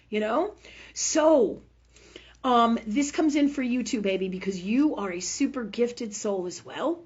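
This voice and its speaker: A woman hosts a live call-in show as a medical intuitive, giving spiritual health readings in a chatty, rambling way, often asking "right?" and swearing casually. Her voice is on the high side, a little slow, darkish and breathy, with the highs cut off.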